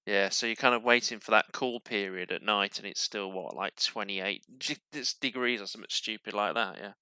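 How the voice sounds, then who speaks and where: A podcast host from Yorkshire with a softened Yorkshire accent, chatting casually and interviewing a guest with frequent restarts and fillers. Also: male voice, fairly low pitch, normal speed, clear, resonant tone, dry recording. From Yorkshire, England.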